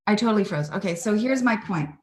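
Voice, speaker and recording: A woman's voice: medium pitch, expressive, quick pace. Earnest woman on an echoey video call. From Canada. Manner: earnest, reflective, motivational. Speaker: author and guest speaker.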